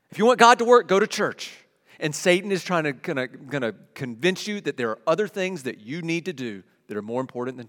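A man's voice: a little high, a bit bright. A middle-aged man preaching a sermon to his church, moving from conversational asides to emphatic declarations. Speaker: pastor. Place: church sanctuary. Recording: long hall reverb.

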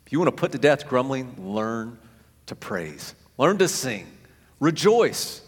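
Animated preacher in an echoing hall. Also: male voice, mid-range voice, a little slow, husky. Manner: animated, repeats phrases for emphasis, acts out quotes. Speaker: pastor. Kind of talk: sermon. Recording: echoey hall with long reverb.

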